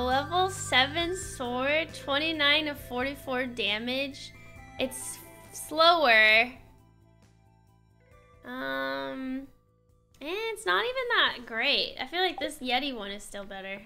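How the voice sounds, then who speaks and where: High-voiced chatty young woman streamer. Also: slow, creaky, bright, forceful tone. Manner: chatty, rambling, thinks aloud with many fillers. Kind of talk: casual chat while gaming. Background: game music.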